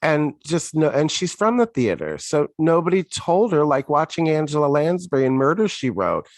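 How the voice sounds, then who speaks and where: A man's voice: fairly high pitch, very animated, normal speed, no room sound, clean studio sound. A man co-hosting a podcast, making wry, reflective remarks in a casual chat about a TV episode. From United States. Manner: wry, reflective, joking asides. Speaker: podcast co-host.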